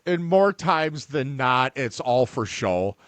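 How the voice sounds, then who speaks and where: A man's voice: medium pitch, sing-song, slow pace, no room sound. Earnest rambling male podcast host. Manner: rambling, restarts often, earnest. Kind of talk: casual interview chat.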